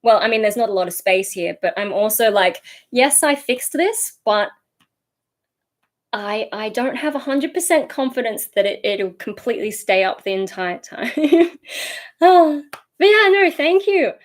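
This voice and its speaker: Young Australian woman, livestream host, slightly high voice, chatty and wandering, casual. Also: lively intonation, moderate pace. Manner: rambling, easily sidetracked, chatty; reads out and answers viewer comments.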